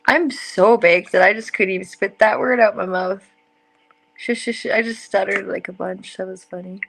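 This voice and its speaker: A young woman speaks casually from her room, stoned and loose, her voice sitting at a middle pitch. She rambles, laughs often and lets her sentences drift off unfinished. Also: steady tone, normal speed, creaky, a bit bright. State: stoned and giggly. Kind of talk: casual stream chat. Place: home room.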